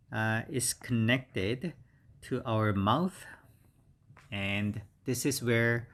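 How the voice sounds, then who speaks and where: A middle-aged man whose first language is Korean, teaching beginner English vocabulary slowly and repeating each word several times. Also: lowish voice. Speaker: English instructor. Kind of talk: slow beginner vocabulary lesson.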